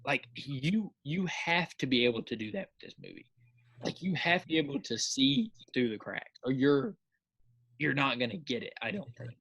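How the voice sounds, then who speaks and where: A man co-hosting a podcast, chatting casually and excitedly, rambling with lots of filler and acting out his own reactions. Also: medium pitch, normal speed, breathy edge, highs cut off. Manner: repeats filler words. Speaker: podcast co-host. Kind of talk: casual chat.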